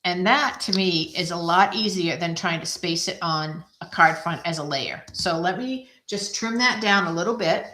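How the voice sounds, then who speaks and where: This craft video host speaks at a normal pace with few pauses, her pitch fairly low, over a noisy background in an echoey room. Demonstrating card-making casually, she chats away, muses aloud while working, and teases herself.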